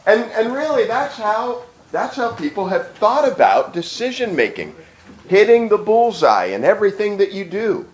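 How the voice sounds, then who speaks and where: A man's voice: sits high, sing-song, moderate pace, reverberant. A man preaching a teaching sermon, emphatic and often repeating phrases as he thinks. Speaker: pastor teaching. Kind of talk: sermon lecture.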